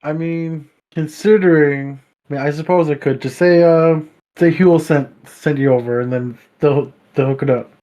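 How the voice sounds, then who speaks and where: A man's voice: on the high side, steady tone, normal speed, mellow. A man playing a tabletop game in a laid-back, easygoing way. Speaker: player. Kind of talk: tabletop game role-play. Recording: dull lo-fi sound.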